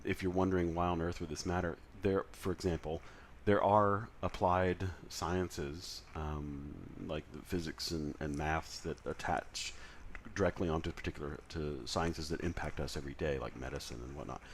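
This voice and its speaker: Low-voiced man giving a casual lecture. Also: steady tone, fairly quick, slight background noise. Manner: conversational, with frequent fillers and self-corrections. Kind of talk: recorded lecture.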